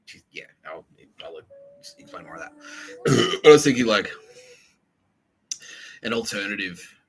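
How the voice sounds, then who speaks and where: A man's voice: lowish voice, animated, a little slow, creaky, a bit bright, husky, faint music behind, poor audio. A man with an Australian accent hosting a rambling, profane comedy podcast, laughing at his own jokes and slipping into mock voices for bits. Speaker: podcast host.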